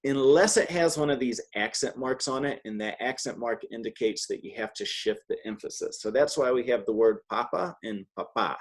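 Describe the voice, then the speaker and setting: A man giving a relaxed one-on-one language lesson. He chats easily between drills and says each word clearly so his student can repeat it. His pitch sits in an ordinary middle range. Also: moderate pace, hardly any pauses. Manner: patient, chatty, models words for repetition. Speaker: Spanish teacher.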